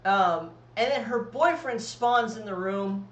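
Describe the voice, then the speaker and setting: A man's voice: high voice, slow pace, fairly bright tone, reverberant, rough recording. A man co-hosting a podcast, telling long, rambling stories full of swearing in casual chat. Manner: rambling, profane, storytelling. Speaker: podcast co-host.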